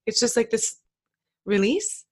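A woman's voice: on the high side, big pitch swings, a little slow, darkish tone. A woman hosting a podcast in casual chat, talking freely, laughing often and acting out little quoted lines. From England. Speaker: podcast host.

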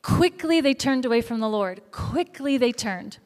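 Higher-voiced woman preaching in an echoey hall. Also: normal speed. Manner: animated storytelling, acting out quoted voices. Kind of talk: sermon.

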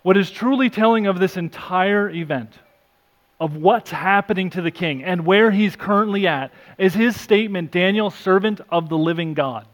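A male pastor preaching an earnest sermon, reading scripture aloud, rising for emphasis and dropping soft. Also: sits high, moderate pace. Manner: self-deprecating asides.

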